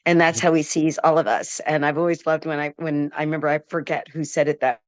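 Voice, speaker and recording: A woman sharing a gentle, musing reflection with a devotional class over a video call. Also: sits low, flat delivery, fast, no room sound. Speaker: class participant.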